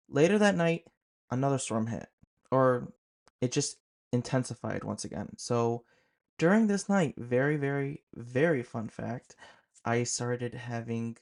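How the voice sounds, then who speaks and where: A young man casually recounting a scary night in a vlog, with an animated, dramatic delivery and lots of "like". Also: mid-range voice, creaky. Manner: animated, fillers of "like", dramatic retelling. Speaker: horror storyteller host.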